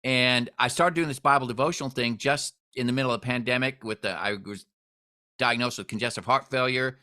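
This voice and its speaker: A man hosts a casual podcast chat with a bright, forward voice. He tells stories freely and livens them up by mimicking the people in them. The sound is plain and close. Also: medium pitch, a little fast. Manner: storytelling, animated when quoting others. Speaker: podcast host.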